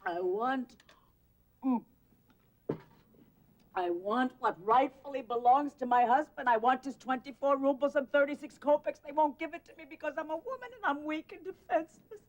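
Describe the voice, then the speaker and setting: A woman playing a shrill, relentless petitioner. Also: normal speed, close to an everyday voice. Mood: pleading, indignant. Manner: theatrical, wailing, relentlessly insistent. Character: pushy, melodramatic woman pestering a bank. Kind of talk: film acting.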